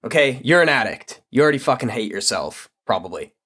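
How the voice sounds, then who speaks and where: A man's voice: medium pitch, sing-song, fairly quick, fairly bright tone. Blunt, swearing podcast host, a man. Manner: candid, blunt, swears freely. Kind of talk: casual solo podcast monologue.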